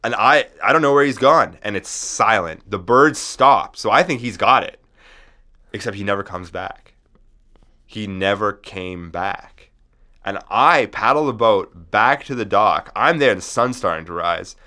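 A man co-hosting a podcast, telling a deadpan comic story in a rambling way, full of restarts. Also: lowish voice, unhurried. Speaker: podcast co-host.

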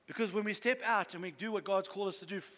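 High-voiced man preaching in a reverberant church. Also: very fast, fairly bright tone. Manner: earnest, rising to fervent exhortation. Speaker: pastor. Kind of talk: sermon. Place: church hall. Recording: long reverb of a church hall.

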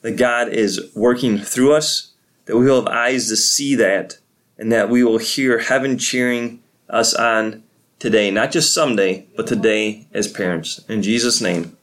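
A man's voice: lowish voice, measured pace, a bit bright. A middle-aged man, a pastor, giving an earnest and encouraging devotional talk to parents on a podcast.

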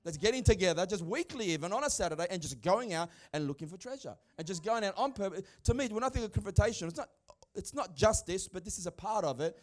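Middle-aged pastor, high voice, emphatic and chatty from the pulpit. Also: male voice, expressive, quick pace, darkish tone. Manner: emphatic, conversational preaching. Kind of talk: sermon.

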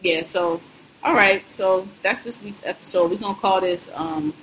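A woman's voice: mid-range voice, normal speed, a bit bright, poor audio. Podcast co-host, woman in her thirties, AAVE, blunt and profane, venting in casual chat, faint hiss behind.

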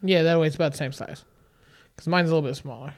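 A man's voice: on the high side, fast. A young man co-hosting a podcast, trading crude jokes and wisecracks in casual chat. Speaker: podcast co-host.

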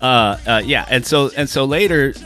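A man's voice: mid-range voice, normal speed, sharp tone, faint music behind. A man co-hosting a podcast, ranting with heavy profanity and emphatic repetition. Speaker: podcast co-host. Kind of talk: casual podcast chat.

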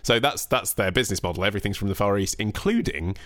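Male podcast co-host, low register, dry and explanatory in casual banter. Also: expressive, fast talker, a bit bright. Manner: explanatory, wry, reads listener questions aloud. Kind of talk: casual chat.

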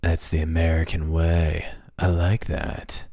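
A man's voice: monotone, measured pace, dark tone, no room sound, clean studio sound, exaggerated voice. A man putting on a snarling movie villain. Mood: menacing. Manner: low, growling, threatening. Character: snarling, smug male 1990s movie villain.

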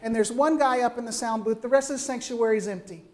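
Older female preacher, slightly high voice, chatty sermon delivery that keeps checking in with the room. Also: fast talker. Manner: lively, conversational, frequent "right?" asides.

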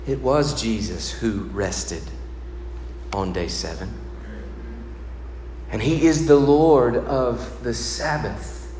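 A man preaching a sermon, swinging between loud emphasis and hushed, low passages. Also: slow pace, pauses often, echoey room, long reverb tail, slight background noise. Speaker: pastor.

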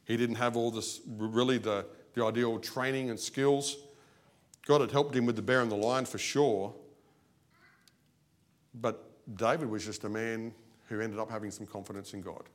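Animated man preaching. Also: fairly low pitch, moderate pace. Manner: animated, acts out Bible quotes in character voices, swings between loud and soft. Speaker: lay preacher. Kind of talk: evening service sermon. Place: church.

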